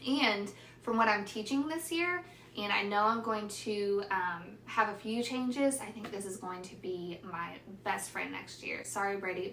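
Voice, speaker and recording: Gushing woman teacher vlogging. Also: mid-range voice. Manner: gushing, excitable, chatty. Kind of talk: casual unboxing vlog. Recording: echoey room with faint ambient noise.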